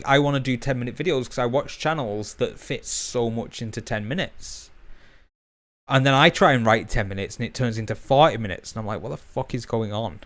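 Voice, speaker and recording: A young man with a Bolton accent from northern England, chatting casually and rambling quickly, with fillers and swearing. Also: medium pitch. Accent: Bolton, northern English. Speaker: YouTuber. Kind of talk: casual chat to camera.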